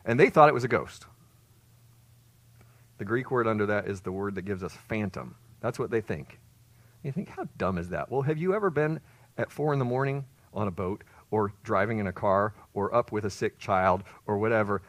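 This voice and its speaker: A man preaching a sermon, swinging between loud emphatic peaks and quiet low asides. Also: brisk, no room sound. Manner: expressive, rises to loud emphasis then drops low. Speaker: pastor.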